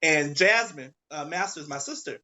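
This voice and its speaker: Man, 40s, bright high voice, relaxed storyteller, dull video-call sound. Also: moderate pace. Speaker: co-host and drag performer. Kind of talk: casual chat.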